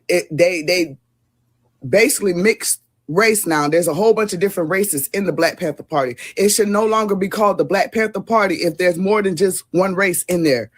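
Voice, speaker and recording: A man hosting casual commentary, blunt and slangy as he reacts to a clip. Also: high voice. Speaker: commentary host.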